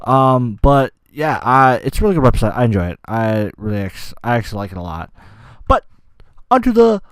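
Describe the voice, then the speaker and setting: A man's voice: medium pitch, brisk, fairly bright tone, clear, resonant tone, no echo. A man hosting a casual solo gaming podcast, rambling, swearing often and losing his train of thought. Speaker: podcast host.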